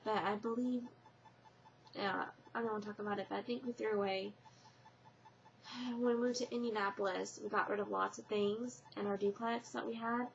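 A young woman talks to her camera in a loose, rambling vlog, filling every pause with fillers and restarting her sentences. Her voice carries a gravelly fry. The webcam audio is muffled and lo-fi, with a faint hiss underneath. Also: medium pitch, fairly even intonation. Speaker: vlogger. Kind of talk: casual confessional vlog.

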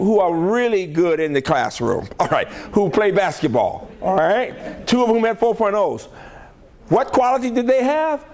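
A man's voice: high voice, sing-song, normal speed, darkish tone. An older man from the American South, a college president giving a motivational keynote speech in a conference hall, emphatic and rhetorical, often checking in with his audience.

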